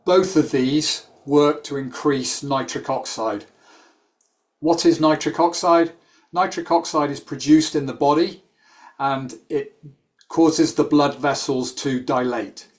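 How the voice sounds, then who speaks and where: A man explaining sports health science in a quick, animated manner with frequent fillers. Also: on the high side. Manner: animated, rapid speech with many fillers. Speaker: sports medicine clinician. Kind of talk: explanatory talk.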